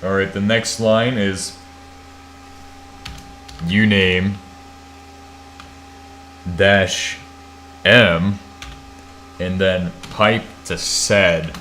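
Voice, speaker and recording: Low-voiced, sleepy American man streaming. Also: fairly bright tone, slight background noise. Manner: thinks aloud while typing, swears, self-mocking. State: half asleep. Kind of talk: casual live-stream chat.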